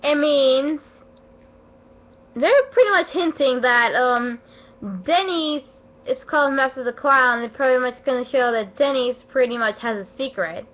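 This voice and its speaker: In a dull lo-fi home recording, a high-voiced woman speaking at a measured pace gives an excitable, emotional anime episode review. Her rambling is casual and packed with fillers and restarts, and her voice is worse than usual because she feels unwell.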